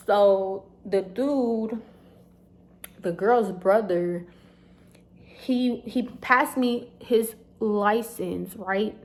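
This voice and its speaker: Chatty young woman telling a story. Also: mid-range voice. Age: young adult. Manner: animated, chatty, talks straight to viewers. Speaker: vlogger. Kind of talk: storytime vlog.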